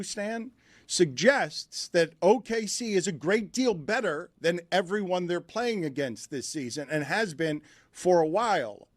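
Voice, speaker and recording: A man's voice: on the high side, dry recording, studio quality. A man hosting a sports talk show, asking his guest long rhetorical questions in a wordy way.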